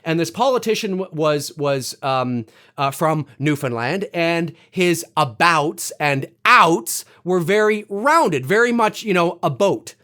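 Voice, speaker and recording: A Canadian man with a higher-than-usual voice rants casually to his viewers, exasperated and animated. He swears now and then and keeps circling back with "you know" and "right?". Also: slow. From Canada, Toronto. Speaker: vlogger. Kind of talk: casual rant to camera.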